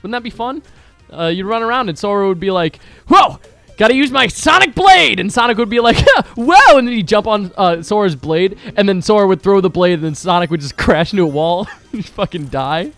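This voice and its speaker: Excitable high-voiced young man rambling. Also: fast talker, faint music behind. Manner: excitable, rambling, joking, swears often. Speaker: let's play co-host. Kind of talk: casual gaming chat.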